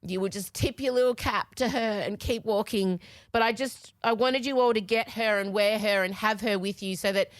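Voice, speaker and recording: Tearful forties woman, candid podcast co-host, close dry mic, mid pitch. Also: moderate pace, no echo. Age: 40s. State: crying. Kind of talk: casual chat.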